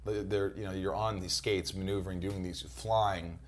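A man in his forties, from New York and raised in Indiana, chatting as a guest and telling animated, profane stories. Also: low voice, normal speed, a little hiss or hum. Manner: animated storyteller, swearing, mock voices. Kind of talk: casual chat.

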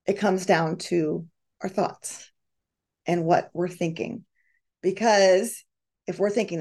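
Her voice sits in the mid-range and she talks slowly. This middle-aged woman, a coach and podcast host, leads a live group session, reading participants' remarks with animation and acting out the voices they quote.

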